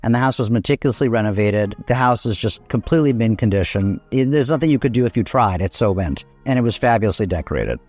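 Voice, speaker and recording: Brief: realtor man, low voice, unhurried praise, faint music behind. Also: expressive, darkish tone. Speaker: real estate agent. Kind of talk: property walkthrough.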